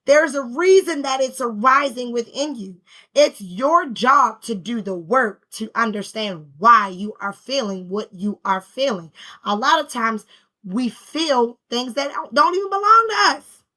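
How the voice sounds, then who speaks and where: A woman speaks in a bright, forceful voice pitched a little high. She gives a casual spiritual talk, stressing her points through emphatic repetition and slangy, conversational phrasing. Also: expressive, unhurried. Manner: emphatic, repetitive, preacher-like rhythm. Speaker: spiritual healing vlogger.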